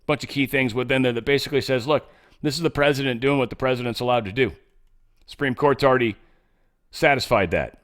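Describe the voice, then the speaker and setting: A man hosting a solo show, reading news excerpts aloud and reacting in a casual, offhand way, often trailing off into low muttered asides. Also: fast. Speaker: show host.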